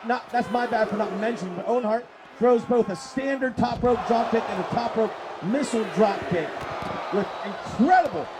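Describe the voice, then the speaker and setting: A man calling live wrestling play-by-play, excitable and profane, often shouting. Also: very high-pitched. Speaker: play-by-play commentator. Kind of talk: live wrestling commentary on a stream. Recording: streamed commentary over crowd noise.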